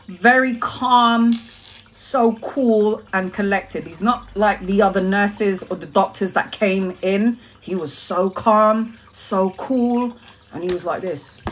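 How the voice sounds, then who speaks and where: Animated laughing woman telling a story. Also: mid-range voice, slow pace. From Brazil. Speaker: tarot reader. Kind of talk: live-stream storytelling.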